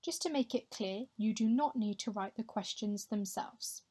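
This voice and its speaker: A young woman teaching a recorded Spanish lesson over slides, speaking clearly and patiently and modelling pronunciation slowly for her pupils to repeat. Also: mid-range voice, darkish tone. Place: home or classroom, voice-over on slides.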